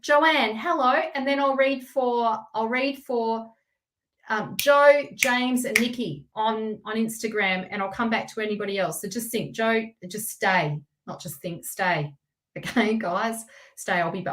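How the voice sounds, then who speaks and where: A woman hosting a live tarot reading stream, talking to viewers by name in an excitable, chatty way and laughing often. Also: fairly high pitch.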